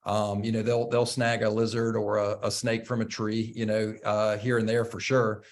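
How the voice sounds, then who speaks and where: A man hosting a casual conversation, talking haltingly with many fillers and restarts. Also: on the low side, flat delivery.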